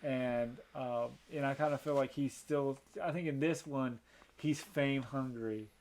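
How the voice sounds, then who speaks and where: A man's voice: medium pitch, steady tone, measured pace, darkish tone. A man co-hosting a movie review podcast, chatting casually with a lot of restarts and fillers and an eager film-buff enthusiasm. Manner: rambling, many restarts and fillers. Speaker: podcast co-host.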